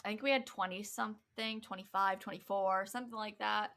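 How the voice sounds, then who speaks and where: A woman's voice: mid-range voice, fairly even intonation, brisk, a bit bright. A young woman co-hosting a podcast, telling a school story in casual chat, laughing often and acting out what people said. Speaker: podcast co-host.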